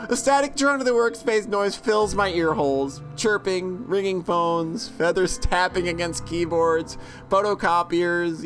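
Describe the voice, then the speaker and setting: A woman playing through a game and reading its story aloud, giggling and swearing, with crow caws thrown in. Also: lowish voice. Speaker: let's play host.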